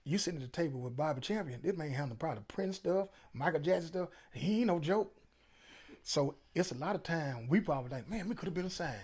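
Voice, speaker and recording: A man's voice: fairly high pitch, lively intonation, fast talker, hardly any pauses, darkish tone, breathy edge. A middle-aged man, a featured interview guest, telling stories in a casual, emphatic, preachy way. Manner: preachy, emphatic, Southern Black vernacular.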